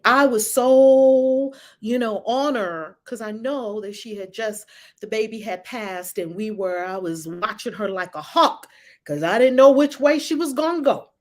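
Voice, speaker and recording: Blunt, high-voiced woman teaching spirituality. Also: normal speed. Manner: blunt, profane and animated. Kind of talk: live online spiritual class talk.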